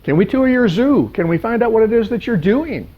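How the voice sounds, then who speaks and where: Curious zoo visitors, put on by a man, ask eager, wondering questions in a voice lifted high above his usual. The sound is dull and lo-fi. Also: lively intonation, fairly quick, breathy edge.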